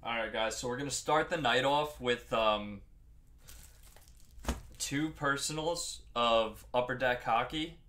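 Chummy Long Island host, bright voice. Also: male voice, medium pitch, slow, slight background noise. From Long Island, New York. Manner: casual, chummy, talks to viewers by name. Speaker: card break host. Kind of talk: live-stream card break chat.

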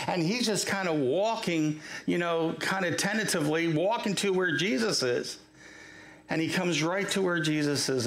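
Gravelly-voiced male pastor in an echoey church. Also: on the high side, a bit bright. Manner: storytelling, acts out the cries, jokes with the congregation. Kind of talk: sermon. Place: church sanctuary. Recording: echoey church live stream.

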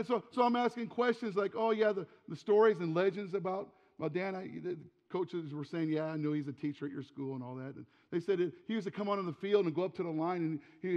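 A man in his forties preaching a sermon as pastor, telling a story and moving between hushed asides and forceful appeals. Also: high-pitched, in a large hall, lo-fi sound. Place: church sanctuary.

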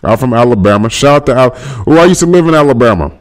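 Brief: young adult male streamer from Northern California, striking voice, loose and jokey, rapid-fire shout-outs to his chat, phone mic. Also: mid-range voice, expressive. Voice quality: voice that viewers single out as striking. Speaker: livestream host. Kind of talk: casual livestream chat reading comments aloud.

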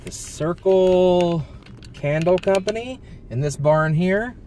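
A man's voice: high-pitched, slow, a little hiss or hum. A man vlogging casually while driving, reading signs aloud and marveling at what he sees. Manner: excitable, reads signs aloud, wondering. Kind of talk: casual driving vlog narration. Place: in a car driving through a village.

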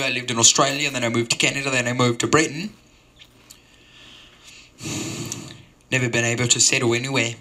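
A man's voice: medium pitch, bright, forceful tone. A man telling a rambling, absurd open-mic story in mock-earnest tones, drifting from tangent to tangent. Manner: stumbling sign-off full of fillers. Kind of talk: improvised comic monologue.

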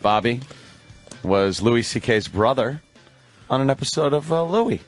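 A man hosting a radio show, bantering loudly and cracking jokes. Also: mid-range voice, a little slow, faint music behind. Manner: loud, mock-energetic, joking.

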